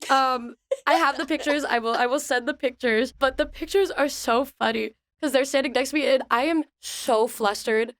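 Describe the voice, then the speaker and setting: A young woman co-hosting a podcast, telling a story in a lively way and acting out quoted lines with squeaky bursts. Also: a little fast, hardly any pauses, no echo, clean studio sound. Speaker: podcast co-host. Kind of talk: casual chat.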